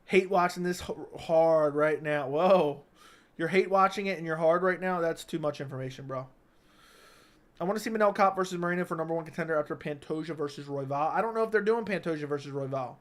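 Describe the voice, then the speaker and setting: A man's voice: a little high, fairly quick. A man hosting a livestream, reading chat and teasing viewers with crude jokes. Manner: crude, joking, teasing chatters. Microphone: studio dynamic mic.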